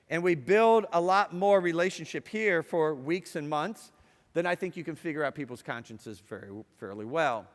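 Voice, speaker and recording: A middle-aged man giving a lively talk to students, chatty and playful, asking the audience questions and telling stories. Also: a little high. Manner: conversational and playful, asks the audience questions, acts out quotes. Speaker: speaker addressing students. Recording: long hall reverb.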